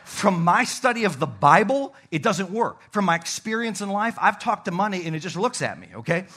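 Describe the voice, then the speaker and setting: A male pastor preaching a sermon in church, animated and calling on the congregation to repeat words. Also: sits high, a little fast.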